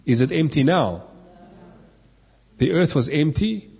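A man gives a lively Bible lesson in a large hall, stopping to ask his listeners questions and tossing in playful asides. His voice sounds a little husky, and the sound rings with long reverb. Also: a little high, slow pace. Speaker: preacher. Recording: echoey hall.

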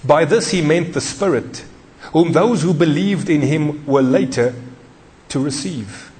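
A man preaching in a church with a fairly high voice. He drives each point home with repetition and questions to the listeners. His words ring out in a long echoing hall. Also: measured pace, darkish tone. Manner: emphatic, repeats key phrases, questions the congregation. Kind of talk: sermon.

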